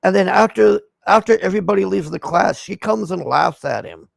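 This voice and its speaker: Gravelly, blunt-talking man. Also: sits high, moderate pace, no room sound. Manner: blunt and profane, exasperated. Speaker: streamer reviewing a movie. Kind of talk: casual livestream movie recap.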